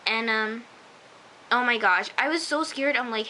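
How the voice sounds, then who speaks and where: A woman's voice: fairly high pitch, expressive, moderate pace, bright, forceful tone, slight background noise, rough recording. A woman chatting emphatically as she recaps and reviews a TV episode, with lots of asides. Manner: chatty, emphatic, often says "I'm just like". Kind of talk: casual recap vlog.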